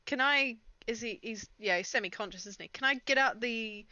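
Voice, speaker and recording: A woman's voice: fairly high pitch, brisk, pushed and bright, dry recording, muffled recording. A woman playing in a tabletop game, asking eager questions that trail off. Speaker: player.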